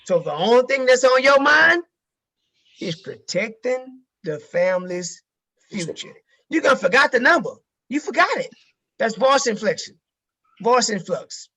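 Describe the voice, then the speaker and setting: A man's voice: extremely high pitch, sing-song, a little slow, bright, forceful tone, husky. A man giving a casual sales training talk to a group, emphatic and repeating key phrases, with casual swearing.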